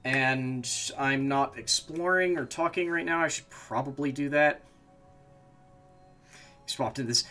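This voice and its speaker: A man's voice: medium pitch, slow, long pauses, sharp tone, soft background music. A man streaming a game, talking to himself as he plays and breaking into frustrated, swearing outbursts. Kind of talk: casual gameplay commentary.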